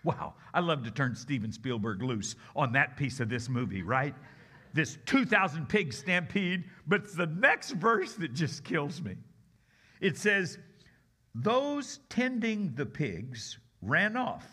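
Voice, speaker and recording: A man giving a sermon as a guest preacher, telling the story in a conversational, expressive way and swinging between loud and hushed delivery. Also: on the high side, unhurried, breathy edge.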